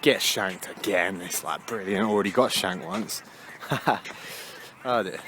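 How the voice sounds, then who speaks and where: A man's voice: fairly low pitch, measured pace. A young man talks into a handheld camera while walking through town. His chat is loose and slangy, full of swearing and laughter. Faint street and traffic noise sits behind him. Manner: chatty, swears a lot, laughs often, slangy. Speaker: vlogger. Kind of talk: casual walking vlog. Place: outdoors on busy town streets.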